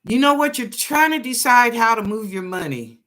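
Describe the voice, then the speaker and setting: A psychic reader hosting a live show, giving quick readings to viewers in a folksy, chatty, reassuring way and laughing often. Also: medium pitch, lively intonation, pushed and bright.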